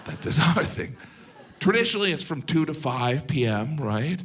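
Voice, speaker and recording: A middle-aged American man doing a stand-up set, deadpan, slipping into silly voices for the people he quotes. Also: fairly high pitch, moderate pace, noisy background. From United States. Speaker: stand-up comedian. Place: live comedy venue with audience.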